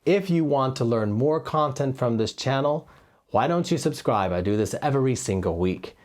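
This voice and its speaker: Male cello teacher, middle pitch, steady explainer who counts beats aloud, lapel mic. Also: normal speed. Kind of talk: music lesson. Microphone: lavalier.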